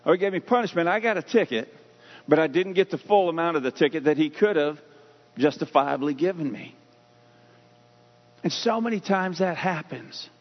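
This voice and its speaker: A man preaching a sermon, telling folksy everyday stories and reading scripture slowly and deliberately. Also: a little high, lively intonation. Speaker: pastor. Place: church sanctuary. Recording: muffled sound in a long-reverb hall.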